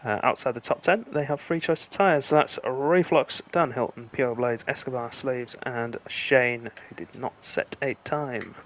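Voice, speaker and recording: A man leads the commentary on a live online race, calling laps and times in quick play-by-play. His voice sits at an ordinary middle pitch, and he lifts into excited calls as the lap times close up. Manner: brisk play-by-play, rising excitement at close finishes. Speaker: lead commentator. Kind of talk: live sim-racing commentary.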